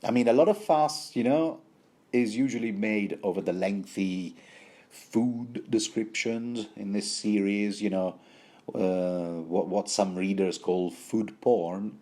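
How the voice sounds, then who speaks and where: Low, mellow man rambling through a book. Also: slow pace. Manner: rambling, digressive, wry. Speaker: book commentator. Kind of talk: rambling casual commentary.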